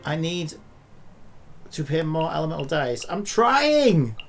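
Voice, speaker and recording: Streamer, male, higher-pitched and gravelly, sweary, ranting at his game, with faint music behind. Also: fairly even intonation, moderate pace. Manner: frustrated, swears a lot, rants at the game. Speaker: gaming streamer. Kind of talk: live gameplay commentary.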